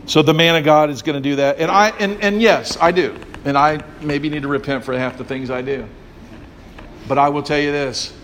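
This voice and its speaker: A man's voice: a little high, fairly even intonation, moderate pace, a bit bright, a little hiss or hum. A male pastor preaching a sermon, emphatic and drawing call-and-response from the congregation.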